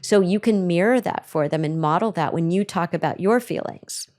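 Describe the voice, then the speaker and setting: A middle-aged woman therapist answering questions on a podcast, animated and acting out the voices she quotes. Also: fairly low pitch, normal speed.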